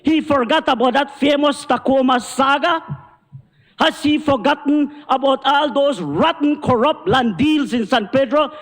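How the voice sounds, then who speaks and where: Belizean male minister, very high pitch, fiery indignant floor speech, reverberant chamber. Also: a little slow. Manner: forceful, indignant oratory, repeating "Madam Speaker". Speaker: government minister. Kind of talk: parliamentary speech. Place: parliament chamber.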